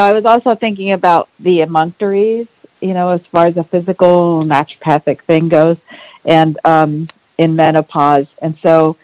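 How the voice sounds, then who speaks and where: A woman's voice: fairly low pitch, a little mellow, dry recording, low-quality recording. A woman speaking as a panelist in a casual, conversational way with loose fillers.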